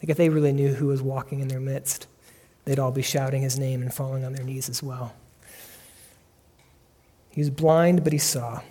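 A pastor, a man, preaching a sermon and telling stories with earnest conviction, his voice climbing into shouts when he acts out a scene. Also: medium pitch, level tone, normal speed, long pauses.

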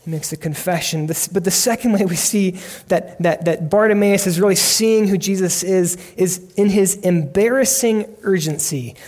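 Preaching with earnest conviction, this pastor tells stories and breaks into shouts when dramatizing a scene. His high-pitched voice moves at a moderate pace with few pauses.

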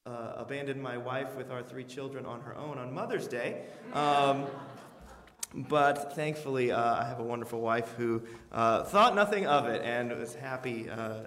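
A man's voice: mid-range voice, fairly bright tone, in a large hall. A man in his thirties preaching a sermon in a church, conversational and hesitant, with many fillers. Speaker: pastor. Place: church sanctuary.

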